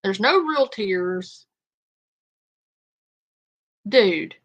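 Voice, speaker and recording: A woman's voice: medium pitch, expressive, extremely slow, fairly bright tone, dull audio. A woman streamer giving casual, sarcastic commentary on a clip, blunt and swearing. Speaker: reaction streamer.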